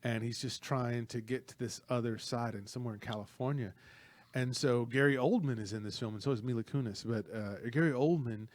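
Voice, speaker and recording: A man co-hosting a casual film talk, retelling a fight scene with lively energy and playful asides. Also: medium pitch, a little fast, no room sound. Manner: animated storyteller, acts out movie lines. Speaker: podcast co-host.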